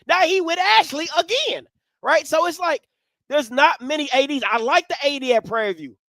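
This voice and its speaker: A man hosting a live sports talk stream, swinging from low musing to loud, animated ranting. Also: normal speed, dry recording. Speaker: sports commentary host.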